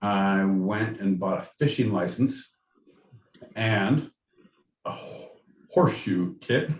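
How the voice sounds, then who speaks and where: A man's voice: lowish voice, takes it slowly, recorded from a distance. A man co-hosting a podcast in casual chat, rambling, jokey and profane. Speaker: podcast co-host. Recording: roomy sound, off-mic, faint noise.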